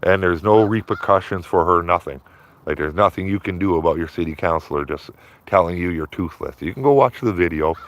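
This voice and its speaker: A man's voice: sits low, brisk, fairly bright tone, slight background noise. A man chatting casually to his livestream viewers from outdoors by a river, rambling and repeating himself, ending phrases with "man". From Canada. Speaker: livestreaming auditor.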